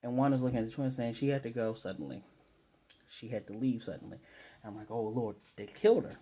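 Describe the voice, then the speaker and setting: A man with a mellow, mid-pitched voice talks through a TV episode recap in a loose, chatty way. He trails off, corrects himself and throws in filler words, then livens up when he shares his fan theories. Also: fast, slight background noise. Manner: rambling, loose, with frequent fillers and self-corrections. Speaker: TV episode reviewer. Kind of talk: casual spoiler recap and theorizing.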